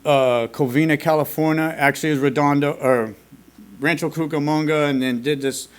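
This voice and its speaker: A man's voice: fairly high pitch, fairly even intonation, brisk, smooth. Candid man telling his recovery story. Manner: candid and plain-spoken, with casual swearing; earnest and confessional. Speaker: recovery meeting speaker. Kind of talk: personal recovery story told to a meeting. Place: meeting room at a school.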